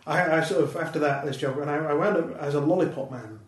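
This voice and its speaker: A man's voice: fairly high pitch, fast, echoey room, far from the mic. A middle-aged man from Britain, a comedian chatting in an interview, rambling and self-deprecating with a dry tone. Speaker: comedian guest. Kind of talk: casual interview chat.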